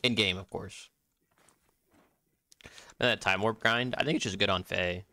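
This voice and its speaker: A man's voice: on the low side, unhurried, slight background noise. A young man streaming his gameplay, chatting casually with viewers, joking and swearing as he plays. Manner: profane, joking, excitable.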